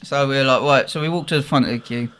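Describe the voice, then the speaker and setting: A man's voice: medium pitch, quick pace, clear, resonant tone. A man, hosting a podcast and telling anecdotes in casual chat, acting out the voices of the people in his stories. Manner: animated, acts out voices in anecdotes. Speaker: podcast host.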